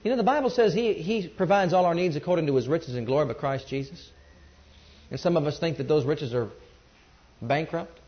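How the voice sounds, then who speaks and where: A man's voice: on the high side, fairly quick, muffled recording. A man preaching a sermon and calling on the congregation to join in. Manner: emphatic, calls on the congregation to respond.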